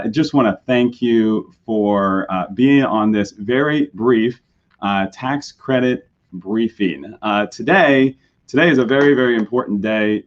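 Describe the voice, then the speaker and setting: A man with a hoarse, low voice gives a webcast briefing as head of a nonprofit. He talks in a halting way with frequent fillers. The audio is dull and lo-fi, like a computer mic. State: hoarse, recovering from a sore throat. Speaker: executive director of a nonprofit.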